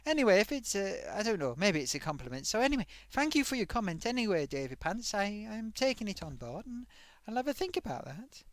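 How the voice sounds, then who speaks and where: A man's voice: sits high, big pitch swings, brisk, fairly bright tone, no echo. A man hosting a casual live stream, reading out forum comments with a chatty, self-amused manner.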